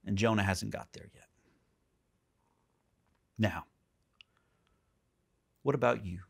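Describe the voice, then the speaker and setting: A pastor preaching a sermon in a church, animated, jumping up high for emphasis and dropping soft. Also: male voice, a little slow, creaky, long pauses.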